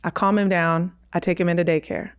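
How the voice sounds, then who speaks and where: A woman's voice: lowish voice, fairly even intonation, a little fast, clear, resonant tone. A woman in her thirties, a podcast guest, telling a personal story vividly and acting out the dialogue she quotes.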